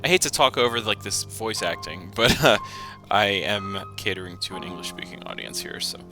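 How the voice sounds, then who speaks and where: A man's voice: lowish voice, lively intonation, moderate pace, vocal fry. A man commentating a game he is playing, chatty, with self-mocking asides. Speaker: gaming streamer. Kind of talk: let's play commentary. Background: game music.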